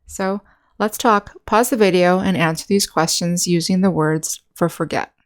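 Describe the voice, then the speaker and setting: Slow, careful American woman teaching English. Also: fairly low pitch. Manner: slow, carefully enunciated model sentences. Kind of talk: online English lesson.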